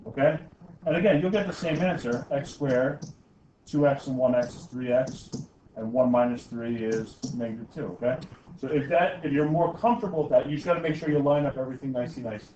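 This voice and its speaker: A man's voice: mid-range voice, a little fast, dark tone, far from the mic, slight background noise. A man teaching a math class, joking with students and checking in with "okay?" and "right?" after almost every step. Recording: echoey, dull classroom recording from afar.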